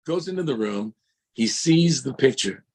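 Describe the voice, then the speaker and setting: A man guest on a video call, telling animated stories and acting out voices as he goes. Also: medium pitch, normal speed, husky. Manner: lively, acts out voices in his anecdotes. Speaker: guest record producer. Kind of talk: animated storytelling.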